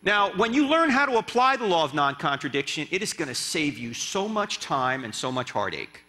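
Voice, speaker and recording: A man delivers a guest lecture in a church sanctuary, his fairly high voice swooping through a wide, animated range. His tone is bright and forceful as he quizzes the crowd and jokes with them. Long hall reverb trails after each phrase. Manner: animated, asks the crowd rhetorical questions, joking asides. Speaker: guest speaker and apologist. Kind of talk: lively church lecture with audience banter.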